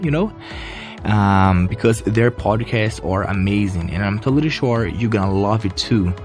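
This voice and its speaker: A young Brazilian man records a casual podcast at home, speaking English with a Brazilian Portuguese accent. His voice sits fairly low and he talks very slowly, stopping often to search for words. Faint music plays underneath. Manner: hesitant, many fillers and restarts, laughs softly. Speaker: podcast host, English learner.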